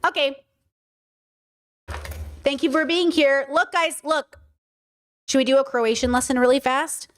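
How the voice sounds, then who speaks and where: An American woman hosting a livestream in a loose, joking way. Her voice sits a touch higher than most women's, and she swears freely and repeats herself for emphasis. The talk is relaxed and rambling. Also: a little slow, pauses often. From United States. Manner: playful, swearing, chatty, repeats words for emphasis. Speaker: host. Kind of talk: casual livestream chat.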